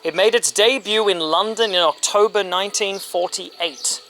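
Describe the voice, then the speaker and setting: A high-pitched man films a casual travel vlog outdoors at a street-side car yard. He's chatty and upbeat, slowing down and simplifying his speech for locals, while street noise and passing traffic fill the background.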